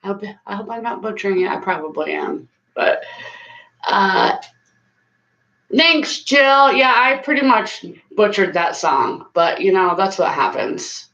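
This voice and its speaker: A woman's voice: medium pitch, very animated, unhurried, fairly bright tone. A woman, talking earnestly and casually to viewers on a live stream from her bathroom, with plenty of fillers. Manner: chatty, earnest, with frequent fillers. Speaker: YouTuber doing a live stream. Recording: echoey small room, slightly dull sound.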